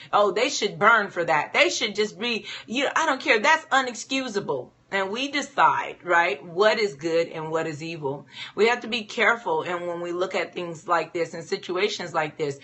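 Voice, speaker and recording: A woman giving a devotional Bible teaching talk in an animated way, full of rhetorical questions. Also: mid-range voice.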